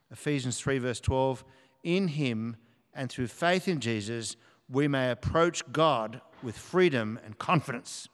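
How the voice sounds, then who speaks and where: A man preaching a sermon in a church, earnestly reading scripture aloud with emphasis. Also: mid-range voice. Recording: long hall reverb.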